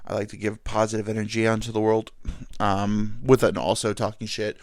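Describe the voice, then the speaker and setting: A man's voice: lowish voice, flat delivery, a little fast, no echo, studio quality. A man hosting a solo comedy podcast who rambles loosely between tangents and swears freely. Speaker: podcast host.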